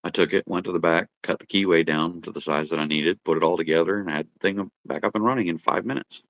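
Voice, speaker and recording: A man's voice: low voice, fast, a bit bright, no room sound, dull audio. A man telling a wry work story in casual chat, with a chuckle in his voice.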